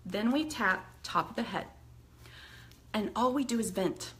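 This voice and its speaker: A woman teaching an emotional tapping technique in a chatty, expressive way, laughing often and acting out venting as examples. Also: medium pitch, measured pace, long pauses. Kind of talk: instructional talk demonstrating tapping.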